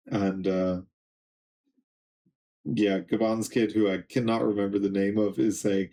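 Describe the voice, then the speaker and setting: A young man streaming a live reaction, reading a comic aloud and reading its dialogue in his plain voice, in a casual, halting way. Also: fairly low pitch, steady tone, a little mellow.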